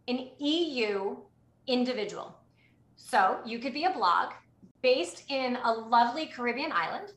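A woman explaining rules on a webinar, clear and emphatic, with frequent restarts. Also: a little high, bright, forceful tone, echoey room. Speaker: privacy expert guest.

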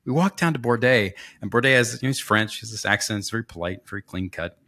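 A man's voice: lowish voice, fast talker. A man co-hosting a podcast, telling a story in casual chat, acting out what others said with joking asides. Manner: animated, acts out quoted voices, joking asides. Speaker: podcast co-host.

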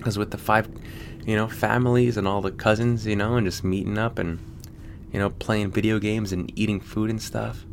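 A man's voice: lowish voice, fairly even intonation, moderate pace, gravelly, slight background noise. An American man hosting a podcast, rambling casually with lots of fillers and swearing. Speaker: podcast host. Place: Sydney.

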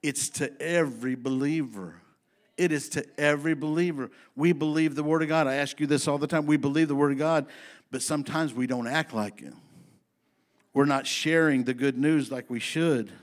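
A man preaching a sermon to his congregation in a folksy, emphatic style, slowing down to read scripture and speeding up for asides. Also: fairly high pitch, fairly even intonation. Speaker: pastor.

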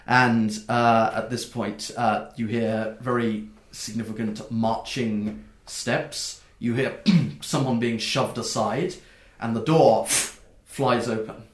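A man narrating a tabletop game as game master, describing scenes with many pauses and fillers. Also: mid-range voice, steady tone, a little hiss or hum. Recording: echoey room.

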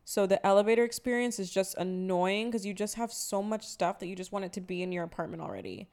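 A woman in her twenties co-hosting a podcast, chatting casually and telling animated stories with acted-out quotes. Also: medium pitch, fast. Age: 20s. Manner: animated storytelling, acts out quotes. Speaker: podcast co-host. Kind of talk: casual chat.

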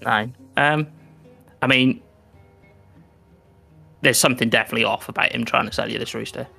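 A man narrating as game master for a tabletop game, speaking haltingly with many restarts. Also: medium pitch, fairly even intonation, gravelly, pushed and bright, soft background music.

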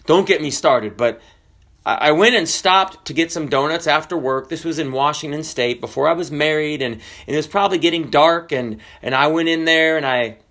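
A man in his forties preaching with a bright, ringing tone and a fairly high voice. He tells personal stories casually with fillers, then jumps up into excited, emphatic lines before dropping back into soft, low asides. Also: moderate pace. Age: 40s. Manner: conversational storytelling with frequent fillers. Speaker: pastor. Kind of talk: sermon.

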